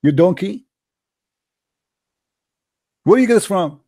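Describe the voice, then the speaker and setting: A man's voice: high voice, expressive, takes it slowly, warm tone, husky, no room sound, clean studio sound. A man giving a casual reaction commentary on a debate clip, mocking and combative, laughing often, speaking English that is not his first language. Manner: non-native English grammar.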